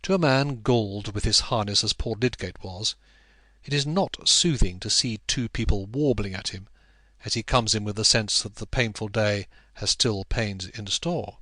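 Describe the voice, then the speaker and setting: In a steady, evenly paced storytelling style, a male audiobook reader narrates a classic novel. His voice is fairly low, and the recording has no echo.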